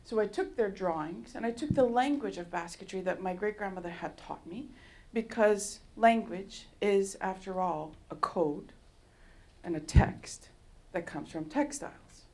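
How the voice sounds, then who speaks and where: A woman artist from Canada giving a public talk in a university lecture hall, telling stories in a lively, storytelling way and often laughing. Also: mid-range voice, a little slow. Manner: animated storyteller who laughs often and acts out dialogue.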